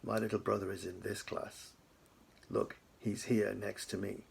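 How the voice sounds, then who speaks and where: A man reading aloud voices a stubborn, calm young boy who talks in a quiet, low, firm way. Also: measured pace, vocal fry, a little hiss or hum.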